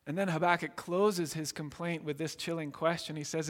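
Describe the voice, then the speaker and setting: A man's voice: on the high side, steady tone, moderate pace, few pauses. A man preaching a sermon earnestly, often checking in with "right?" and repeating words as he explains. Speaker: pastor. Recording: long reverb in a large hall.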